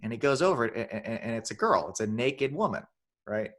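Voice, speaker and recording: A man's voice: mid-range voice, animated, fairly quick, fairly bright tone. A man on a podcast retelling a horror film in casual chat, rambling with restarts and acting out bits of dialogue. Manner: rambling, many restarts, acts out lines in funny voices. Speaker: podcast co-host.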